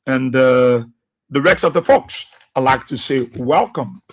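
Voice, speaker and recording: A man hosting a live radio show, reading out listeners' names and places in an unhurried way with many pauses. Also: medium pitch. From Liberia. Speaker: radio host.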